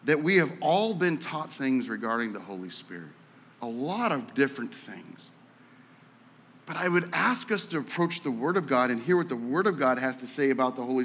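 A man preaching a sermon as pastor, talking in a conversational, animated way and often repeating words as he tells a story. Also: mid-range voice. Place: church sanctuary. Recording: echoey hall with long reverb.

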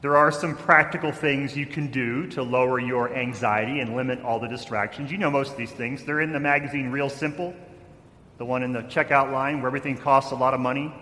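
A man giving a sermon as a pastor, telling stories with changing loudness and acted-out quotes. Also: medium pitch, fairly even intonation, fairly quick. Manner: storytelling with shifts in loudness, acting out quotes. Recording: echoey hall, faint noise.

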